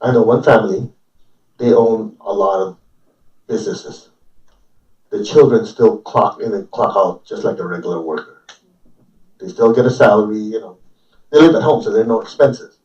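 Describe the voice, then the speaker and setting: In an informal sermon to a live audience, a spiritual teacher from a Chinese family jokes and poses questions to the room. He speaks on the low side at a moderate pace with long pauses and a slightly mellow tone, and the audio is dull, roomy, and distant.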